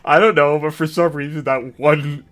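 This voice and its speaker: A man's voice: fairly high pitch, fairly even intonation, normal speed, fairly bright tone. A man hosting a stream, chatting casually in a rambling, jokey, self-deprecating way. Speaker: streamer host. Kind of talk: casual chat.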